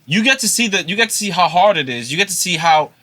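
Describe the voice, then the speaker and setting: Bright-voiced young man in slangy podcast chat. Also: high voice, expressive, fast talker. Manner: slangy, restarts phrases often. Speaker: podcast co-host.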